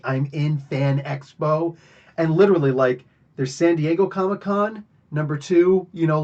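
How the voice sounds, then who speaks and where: Podcast host, man from Jersey, a bit high-pitched, loose and rambling, muffled lo-fi recording. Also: darkish tone. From New Jersey. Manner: rambling, chatty, many fillers. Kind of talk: casual monologue.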